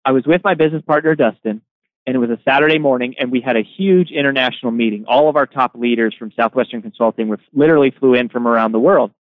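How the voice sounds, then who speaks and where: An author appearing as a guest answers interview questions at a fast clip in a medium-pitched voice, explaining his ideas and telling energetic stories, often repeating words as he gets going. The dry recording sounds like a phone-like remote line.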